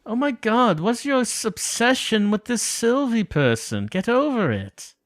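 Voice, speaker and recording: A man's voice: extremely high pitch, very animated, measured pace, dry recording, studio quality, voice pushed up, heavily acted. A man voicing an irritable, exasperated hostel manager who complains indignantly.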